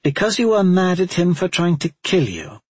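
A man voicing a sharp, questioning woman warrior in an audiobook, with a raised, calm voice. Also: high-pitched, moderate pace, breathy edge, no echo, pitched above the performer's own voice, full character voice. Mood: probing.

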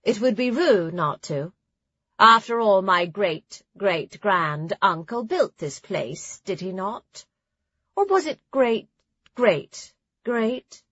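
A woman's voice: medium pitch, big pitch swings, takes it slowly, fairly bright tone, slightly rough, no echo, highs cut off, exaggerated voice. A woman voicing a haughty noblewoman in her thirties with a smug, mocking manner.

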